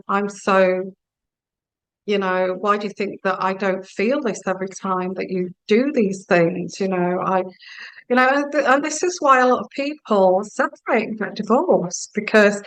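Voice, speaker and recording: A woman with a gravelly, creaky voice gives a spoken tarot reading. She muses slowly and speaks straight to the listener as she gives her advice. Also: mid-range voice, a bit bright, rough recording. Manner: slow, musing, addresses the listener directly. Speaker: tarot reader.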